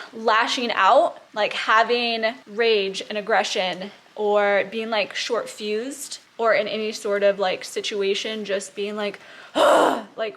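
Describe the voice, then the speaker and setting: A woman's voice: mid-range voice, fairly bright tone, a little hiss or hum. A woman in her thirties vlogging casually at home, chatty and open, her talk full of "like" fillers. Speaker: lifestyle vlogger. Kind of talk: casual vlog talk to camera. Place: at home, indoors.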